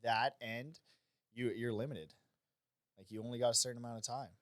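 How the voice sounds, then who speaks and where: A man's voice: medium pitch, fairly even intonation, normal speed, fairly bright tone, no room sound. A man co-hosting a podcast in casual chat, teasing and asking lots of questions. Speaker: podcast co-host.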